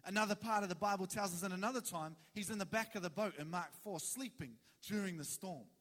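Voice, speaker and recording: Animated high-voiced male preacher, reverberant hall. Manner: animated, conversational preaching with dramatic pauses. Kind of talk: sermon. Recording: long reverb of a large hall.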